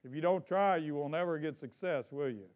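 In this church sermon, a male pastor with a fairly high, slightly mellow voice calls questions out to the congregation. His scripture reading is drawn out for emphasis in a call-and-response style.

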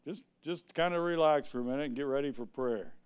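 A man preaching a sermon in a church, swinging from quiet asides to loud, lifted preaching. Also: mid-range voice, brisk, clear, resonant tone, highs cut off.

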